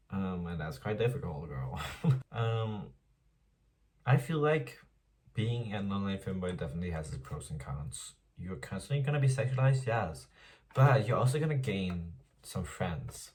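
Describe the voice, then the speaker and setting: A man's voice: deep voice, expressive, normal speed, a little mellow, distant mic. A young man talking candidly to his viewers at home in a casual vlog, chatty and open, calling them "girl" and laughing often. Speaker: vlogger. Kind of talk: casual confessional vlog monologue. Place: home apartment.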